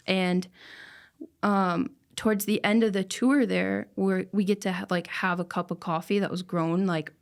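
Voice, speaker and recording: A woman's voice: mid-range voice, fairly even intonation, a little slow, gravelly. Earnest young woman telling a story. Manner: earnest, emotional storytelling with laughs. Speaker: podcast guest. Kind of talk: casual chat, personal story.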